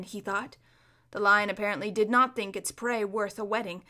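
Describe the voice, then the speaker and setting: A woman reading a storybook aloud in a steady, measured way, with the odd small slip. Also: medium pitch. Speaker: narrator.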